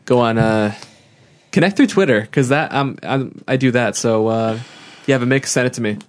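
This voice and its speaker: A man's voice: medium pitch, moderate pace. Young guy podcasting, rambly, lots of likes and laughs. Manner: rambling, laughs often, many fillers and restarts. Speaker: podcast co-host. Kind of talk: casual chat.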